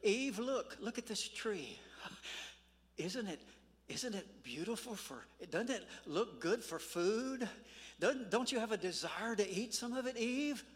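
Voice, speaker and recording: A man's voice: high-pitched, animated, unhurried. A man voicing a sly male serpent, coaxing and insinuating, in an echoey church hall.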